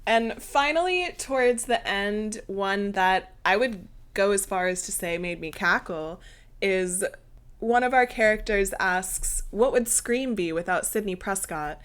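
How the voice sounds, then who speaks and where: A woman's voice: mid-range voice, animated, unhurried, a bit bright, clean tone. A young woman co-hosting a film review podcast, chatting casually, laughing often and dry with sarcasm. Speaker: podcast co-host.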